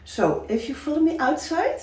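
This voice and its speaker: A woman's voice: high-pitched, wildly swooping pitch, darkish tone, roomy sound, recorded from a distance, slight background noise, low-quality recording. A woman with a Dutch accent playing an eager beautician who promotes her treatment and gushes. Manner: slow, gushing saleswoman.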